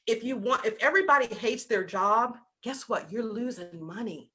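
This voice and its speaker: A woman with a Southern US accent giving an animated business talk over a video call, acting out little scenes in other voices. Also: on the high side, moderate pace. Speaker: business coach.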